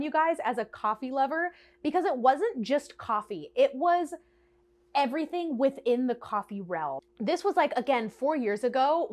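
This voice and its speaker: A woman chatting to camera in a bubbly, animated way, telling a storytime to her viewers and laughing often. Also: on the high side. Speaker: vlogger. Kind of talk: casual storytime chat to camera.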